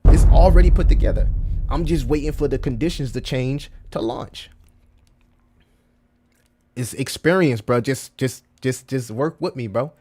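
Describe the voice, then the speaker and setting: A man's voice: medium pitch, unhurried, pauses often, warm tone, husky. A man talking casually to his livestream chat, full of slang, repeating himself and calling listeners bro. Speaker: crypto livestreamer.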